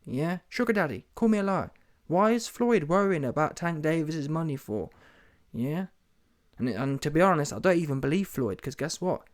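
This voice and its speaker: Male vlogger, brash mocking rant, slightly high voice. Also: animated, normal speed. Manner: brash, mocking, heavy street slang. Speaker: commentary vlogger.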